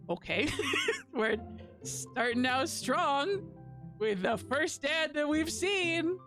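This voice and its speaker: Woman, game streamer, goofy, self-mocking, lively pitch, slightly high voice, desk mic, faint music. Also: takes it slowly. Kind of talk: live-streamed game reading and commentary.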